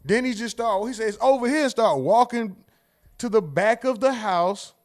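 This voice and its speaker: A man hosting a livestream in casual chat, telling jokes and acting out exchanges with sudden loud outbursts, speaking. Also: high voice, unhurried. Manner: animated joking storyteller, acts out exchanges with loud outbursts. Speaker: livestream host.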